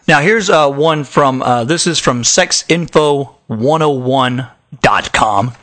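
A man's voice: mid-range voice, takes it slowly, fairly bright tone. A man with a trained radio voice hosting a casual, frank advice talk, joking and laughing often. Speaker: podcast host.

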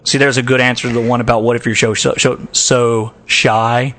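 A man's voice: medium pitch, flat delivery, fairly quick, a bit bright. A man with a trained radio voice hosting a casual, frank advice talk, joking and laughing often. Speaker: podcast host.

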